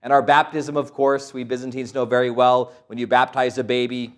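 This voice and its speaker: A man's voice: medium pitch, flat delivery, fairly quick, few pauses. A middle-aged man, a priest, preaching a sermon with stories, asides and quoted voices.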